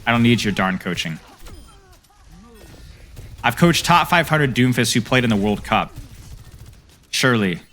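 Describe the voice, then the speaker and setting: A man's voice: mid-range voice, lively intonation, a little slow, long pauses, fairly bright tone, a little hiss or hum. A young man coaching a player through game footage, trading playful banter with his stream chat between tips.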